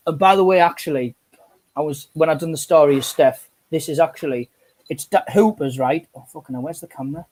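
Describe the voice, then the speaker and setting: A man, chatting and telling sweary stories as co-host of a live stream on an earphone mic. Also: a little high. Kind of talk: casual chat.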